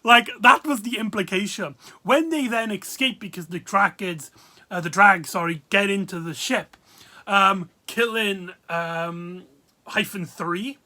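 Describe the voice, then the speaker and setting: Bright-voiced rambling reviewer. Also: medium pitch, unhurried. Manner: rambling, full of fillers and laughs. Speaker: video reviewer. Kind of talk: casual spoken review.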